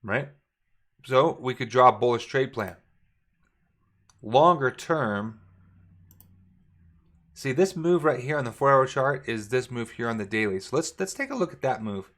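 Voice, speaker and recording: A man coaching viewers through forex charts on a screen share, relaxed and thinking aloud, often correcting himself mid-sentence. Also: mid-range voice, unhurried, pauses often.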